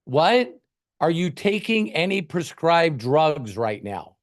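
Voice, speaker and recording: A man's voice: a little high, big pitch swings, takes it slowly, pitched above the performer's own voice. A man doing an impression of a stern, impatient older female TV judge who scolds in clipped demands. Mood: scolding.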